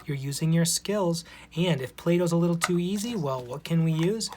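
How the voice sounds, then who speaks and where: A man's voice: on the high side, moderate pace, background noise. A man teaching preschoolers in a video, explaining step by step in a friendly, patient way. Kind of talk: instructional video for young children.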